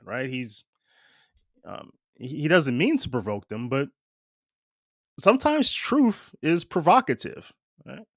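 In a clean studio recording with no room sound, a man with a fairly high voice delivers a casual, conversational homily. He chats along, keeps asking "right?", checks in with listeners often, and fills the talk with fillers and laughs.

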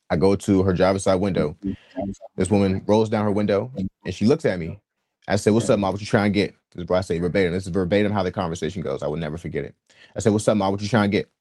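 This is a young man from Washington, D.C., with a low, mellow voice, recorded at studio quality with no room sound. A guest sharing his testimony, he tells a personal story earnestly in casual slang, often restarting his sentences.

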